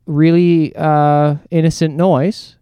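A man co-hosting a podcast, telling a crude story in casual chat with an animated, profane delivery. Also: a little high, takes it slowly, clean tone, dry recording. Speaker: podcast co-host.

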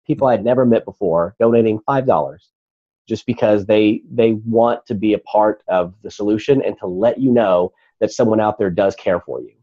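A man's voice: fairly low pitch, moderate pace, dull audio. A man, a guest on a talk show, earnestly telling a personal story in conversation.

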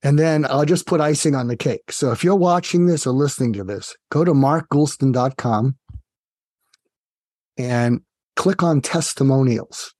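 A man with a warm, relaxed tone tells a story on a conversational interview show. He speaks as a psychiatrist guest, engaging and direct. His sound is dry and close, with no room around it. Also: mid-range voice, unhurried, no room sound. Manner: vivid, addresses host directly, engaging.

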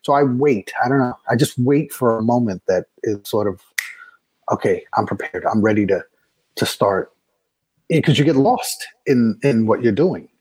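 A man with a slightly husky voice speaks in a casual, reflective way, circling back and restarting as he thinks. The recording is dry and close-miked. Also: medium pitch, expressive, darkish tone, no room sound. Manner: thoughtful, halting, many restarts and fillers. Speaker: actor being interviewed. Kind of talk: casual conversation.

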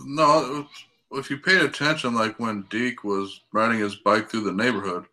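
A man's voice: medium pitch, normal speed, bright, forceful tone. A man in a casual movie chat, talking bluntly and pushing back with examples. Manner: blunt, swears, argues points.

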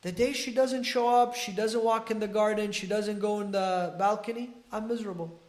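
A man's voice: high-pitched, fairly even intonation, moderate pace, a little mellow, reverberant, lightly acted. A man playing a lovesick young gardener. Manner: pleading, agitated.

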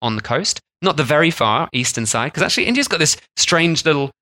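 A man's voice: a little high, brisk. A man co-hosting a food travel podcast, telling a story in a casual, chatty way. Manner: chatty, animated retelling. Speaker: podcast co-host.

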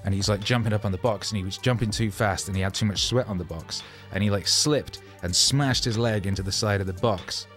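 A man's voice: on the low side, fairly quick, few pauses, a bit bright, faint music behind. A man, a rapper, telling rambling, self-mocking stories in a casual monologue, loose with fillers and swearing.

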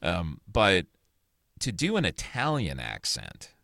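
Deep lively guy reviewing movies, bright tone, dry close sound. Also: takes it slowly, gravelly, no room sound. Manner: opinionated, rambling with restarts and swearing. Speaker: podcast co-host. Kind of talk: casual movie review chat.

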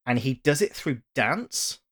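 A man's voice: medium pitch, lively intonation, unhurried, a bit bright. A man co-hosting a podcast, recounting scenes in a rambling, chatty way. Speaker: podcast co-host. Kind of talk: casual chat.

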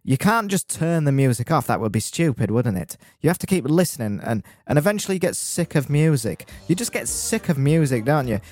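A man's voice: a little high, sing-song, brisk, hardly any pauses, a little mellow, no echo, soft background music. A male podcast co-host doing a playful, teasing mock advert, often stammering and restarting.

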